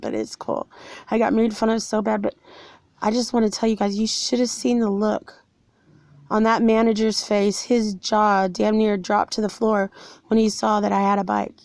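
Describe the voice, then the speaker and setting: A woman's voice: fairly high pitch, vocal fry, a little mellow, dry recording. A forty-year-old woman earnestly telling viewers a personal story of being wronged, with an aggrieved tone. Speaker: vlogger telling her own story. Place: somewhere cold.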